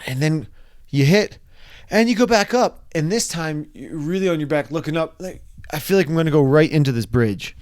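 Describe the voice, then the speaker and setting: A young man casually telling a personal story, animated and acting out his own reactions. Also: on the high side, normal speed. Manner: animated, acts out his own screams and quotes.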